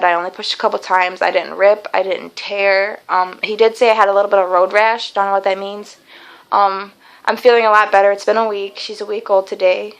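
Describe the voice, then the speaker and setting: A woman's voice: mid-range voice, creaky, clean tone, poor audio. A young woman telling a long personal story in a casual vlog, chatty and rambling, with many fillers and restarts. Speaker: vlogger.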